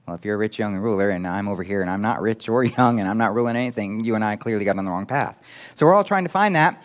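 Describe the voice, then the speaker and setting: A man preaching a sermon, emphatic and animated, acting out quoted voices as he teaches. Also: lowish voice, fast.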